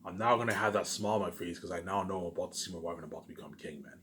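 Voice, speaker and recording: Man, channel host, rapid rambling monologue, repeats himself constantly, swears a lot, somewhat low voice. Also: a bit bright, a little hiss or hum. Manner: repetitive, fills nearly every sentence with "obviously" and "you know what I'm saying"; profane, emphatic and grandiose. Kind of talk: rambling solo monologue to viewers.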